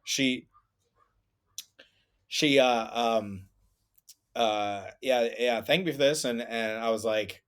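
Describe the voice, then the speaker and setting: A man's voice: medium pitch, slow pace, pauses often, fairly bright tone, clear, resonant tone. A man and former soldier telling a story on a podcast in a casual, rambling way, with lots of fillers and restarts.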